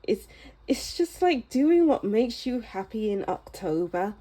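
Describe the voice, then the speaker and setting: Woman tarot reader with a soft, mellow voice who takes her time. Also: big pitch swings. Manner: soft, musing and unhurried, drifting into a low near-whisper. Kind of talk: pick-a-card tarot reading.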